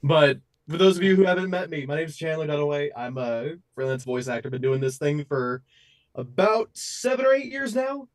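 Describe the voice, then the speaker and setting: A man's voice: on the high side, animated, moderate pace. Upbeat man in a blanket booth. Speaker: freelance voice actor. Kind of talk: casual chat. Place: blanket-lined home booth.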